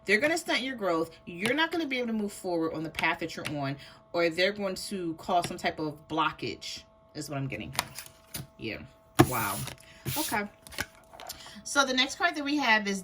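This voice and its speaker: A woman's voice: medium pitch, very animated, normal speed, a bit bright, faint music behind. A woman giving a casual tarot reading to her viewers, chatty, laughing often and acting out what people might say. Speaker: tarot reader.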